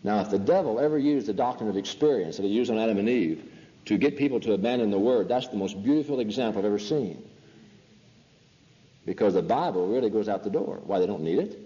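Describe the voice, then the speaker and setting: A man's voice: lowish voice, expressive, quick pace, warm tone. Man preaching in an echoey lo-fi hall. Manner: emphatic, rhetorical questions. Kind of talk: sermon. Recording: lo-fi hall recording.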